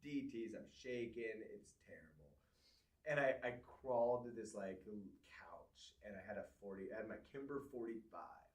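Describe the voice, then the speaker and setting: A man co-hosting a podcast, telling a personal story in a candid, halting way with many restarts. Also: on the low side, expressive. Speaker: podcast co-host. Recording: echoey room, far from mic.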